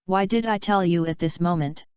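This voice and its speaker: A woman reading the part of a calm, gentle young ninja leader, speaking in a fairly low, very clear and smooth voice. The recording is dry and a bit dull. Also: normal speed, dry recording, lightly acted.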